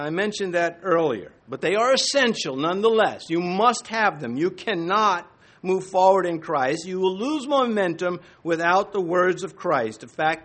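A man's voice: high-pitched, a bit bright. A man preaching a sermon from the pulpit, emphatic and full of rhetorical questions. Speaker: pastor.

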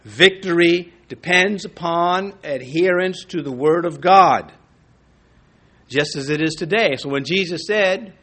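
A man's voice: a little high, measured pace, fairly bright tone. An older man preaching a sermon as a pastor, in a conversational way, with asides and small restarts.

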